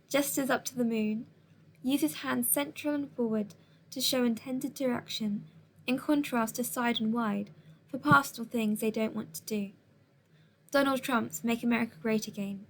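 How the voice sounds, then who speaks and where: A woman teacher with a slightly high voice talks students through a lesson at a measured, patient pace, pausing now and then with an "um". Her instructions are clear and step by step, as in a recorded remote class. A faint hiss sits under her voice. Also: a bit bright.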